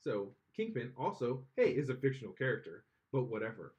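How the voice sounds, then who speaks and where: A man's voice: medium pitch, big pitch swings, fairly quick, darkish tone. Opinionated man rambling on a podcast. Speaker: podcast co-host. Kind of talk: casual podcast chat.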